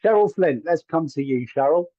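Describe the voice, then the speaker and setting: A man's voice: on the high side, animated, moderate pace, no room sound, lo-fi sound. A man giving live psychic readings to viewers from a room at home, chatty and hedging, often checking whether his words make sense. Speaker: psychic medium.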